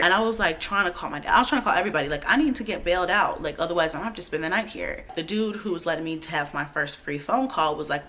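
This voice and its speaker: A pregnant young woman, telling a storytime vlog in a blunt, profane, animated way. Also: lowish voice, fast talker. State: heavily pregnant. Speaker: vlogger.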